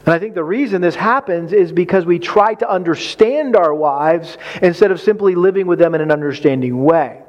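Middle-aged male pastor with a high voice; animated sermon delivery, acting out his own story. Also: dull audio.

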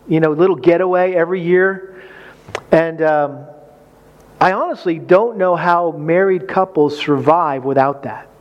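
Folksy high-voiced preacher man. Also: highs cut off. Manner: conversational, folksy, with acted-out quotes and humor. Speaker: preacher speaking on marriage. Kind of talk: sermon.

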